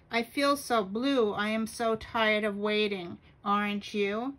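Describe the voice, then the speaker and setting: Slow-reading woman sharing her poems. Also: medium pitch, steady tone, fairly bright tone, low-quality recording. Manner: slow, careful reading with small stumbles. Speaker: journaling vlogger.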